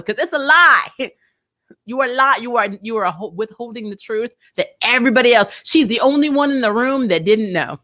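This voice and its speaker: A woman hosting a casual spoiler review of TV episodes, talking in an animated way with sarcastic asides and frequent laughter. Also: fairly high pitch, brisk. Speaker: TV show reviewer, channel host.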